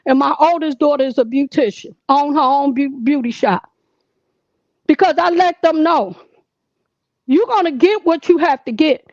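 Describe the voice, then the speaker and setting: A woman's voice: sits high, normal speed, darkish tone, no echo, dull audio. A woman in her sixties calling in to tell a long personal story in an earnest, emphatic, repetitive way. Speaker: caller.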